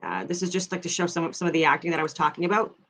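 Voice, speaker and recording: Woman vlog host, brisk, rambling, filler-heavy casual commentary. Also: sits low, very animated, a bit bright. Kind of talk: casual commentary over footage.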